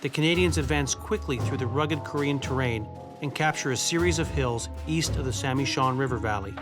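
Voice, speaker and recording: A man reading scripted documentary narration in a measured, even way. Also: medium pitch, over music.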